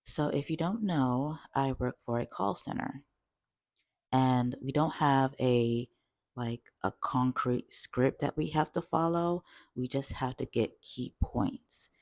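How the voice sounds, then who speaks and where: A woman telling a call-center story in a chatty, animated storytime vlog, full of fillers. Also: rumbling low, slow, dry recording, clean studio sound.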